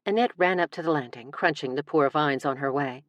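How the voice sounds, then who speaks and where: A woman's voice: deep voice, a little fast, dry recording, dull audio. A woman reading a first-person audiobook in a wry, comic manner, close to a studio mic. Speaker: audiobook narrator.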